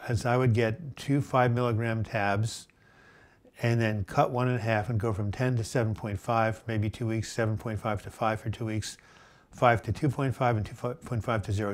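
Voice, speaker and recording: Man hosting a live viewer Q&A. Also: fairly low pitch. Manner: chatty, reads viewer comments aloud and answers them; frequent fillers and restarts, gentle advice. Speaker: host answering viewer questions. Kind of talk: live chat Q&A.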